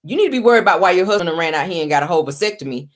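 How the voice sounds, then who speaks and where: A sassy woman hosting her own commentary channel, with a low voice that swings widely as she talks. She is blunt and speaks straight to her viewers in a casual, gossipy way. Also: lively intonation, racing. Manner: sassy, blunt, addresses viewers as "y'all" and "baby".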